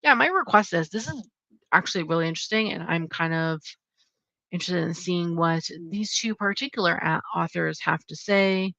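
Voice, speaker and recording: A woman's voice: fairly low pitch, normal speed, gravelly, bright, forceful tone, dry recording. A young adult woman hosting her channel, casually chatting through upcoming book releases in a rambling way with lots of fillers. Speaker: channel host. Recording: dull lo-fi sound.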